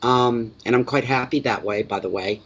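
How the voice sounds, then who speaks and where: A man's voice: mid-range voice, normal speed, fairly bright tone, husky, muffled recording. Chatty Canadian man reading tarot. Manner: chatty, answers live chat comments between cards; plainspoken, repeats words for emphasis. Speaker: tarot reader. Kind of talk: live-streamed tarot reading.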